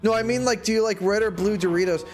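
A young man livestreaming a game, chatting to his viewers in a rambling way and bursting into mock-outraged shouts. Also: high voice, fast, faint music behind. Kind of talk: casual gaming livestream chat. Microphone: desk microphone.

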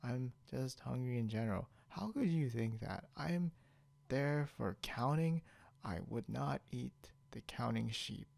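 A man's voice: mid-range voice, gravelly, darkish tone, no room sound. A man voicing a drunk, sleepy young man in a whispered role-play, rambling and giggly, losing his train of thought.

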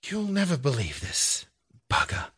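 A man doing a brisk British woman analyst. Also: fairly high pitch, very animated, fairly bright tone, breathy edge, pitched above the performer's own voice, heavily acted. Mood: exasperated. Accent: British, as put on. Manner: exclaims in British slang.

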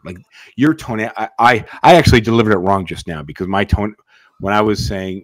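Deep-voiced man hosting a podcast. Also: a little fast, no echo. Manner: rambling, profane, repeats words when starting. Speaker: podcast host. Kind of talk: casual chat.

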